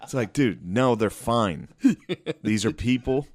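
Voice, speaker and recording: A man's voice: medium pitch, unhurried, no room sound. A man chatting on a podcast in a blunt, profane, sarcastic way. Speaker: podcast co-host. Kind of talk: casual podcast chat.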